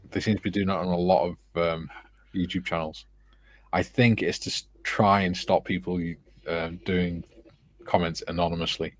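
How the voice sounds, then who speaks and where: An English man hosting a casual livestream chat, reading out viewer comments in a loose, amused, rambling way. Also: low voice. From England. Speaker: livestream host. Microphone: streaming setup, video call.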